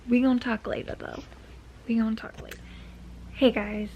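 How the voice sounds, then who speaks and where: A young woman chatting in a casual reading vlog from her bed, dramatic and gushing, often dropping into a hushed half-whisper. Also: a little high, little pitch movement, moderate pace, muffled recording, a little hiss or hum. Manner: dramatic, gushing, repeats herself. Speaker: book vlogger. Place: bedroom, in bed.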